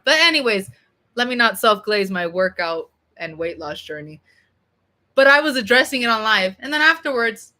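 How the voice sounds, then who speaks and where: A young woman chatting casually on a livestream, rambling and swearing as she goes. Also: fairly high pitch. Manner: rambling, animated, swears a lot.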